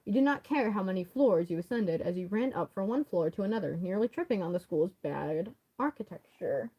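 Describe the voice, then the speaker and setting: A woman reading a fan story aloud, her voice rising and falling in a lively way. She stumbles over words and laughs often. She breaks off to blurt out her own comments. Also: mid-range voice, fairly quick, husky, poor audio. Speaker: story reader.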